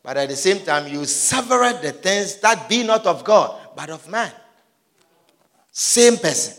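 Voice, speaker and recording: A man preaching a sermon, emphatic and sing-song, swinging from soft asides to shouted peaks, with repeated call-and-response. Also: sits high, big pitch swings, measured pace. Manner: repetitive call-and-response style.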